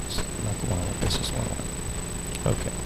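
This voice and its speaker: A man's voice: fairly low pitch, brisk, creaky, very noisy. A man organizing a candidate forum, giving loose, rambling announcements with many restarts. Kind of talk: casual announcements.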